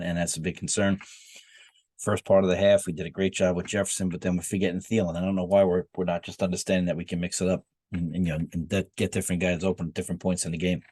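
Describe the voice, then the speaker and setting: A man's voice: sits low, a little mellow, no echo. A man giving blunt, profane football opinions in a rambling rant, full of filler uhs. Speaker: football commentator. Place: Miami.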